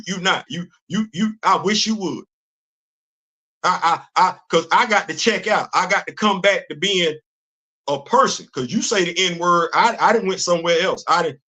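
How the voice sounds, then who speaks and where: A man's voice: sits high, sharp tone. An older man hosting a livestream commentary show, talking with animation and repeating words as he starts sentences. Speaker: host.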